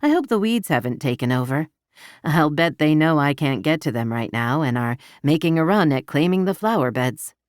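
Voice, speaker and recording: A woman reading the part of an affectionate, playful young woman in a romance audiobook, lifting her voice into a bright, lilting lift. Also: sits low, lively intonation, normal speed, no echo, studio quality. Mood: cheerful.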